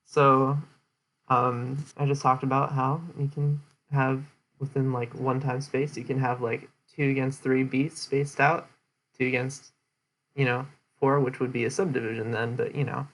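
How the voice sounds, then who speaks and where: A young man talking through a presentation he gave in a loose, casual way. His pitch sits in an ordinary middle range, and his explanations wander, full of "um" and "like" and restarts. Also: little pitch movement, a little slow, a bit bright. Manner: rambling with many fillers and restarts. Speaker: streamer giving a presentation recap. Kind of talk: casual chat.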